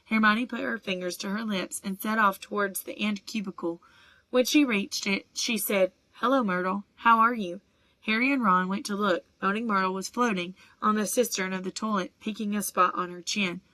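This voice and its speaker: A woman narrates an audiobook at a middle pitch, in a steady storytelling manner. The recording is dry and close, with no room echo. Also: moderate pace. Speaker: audiobook reader.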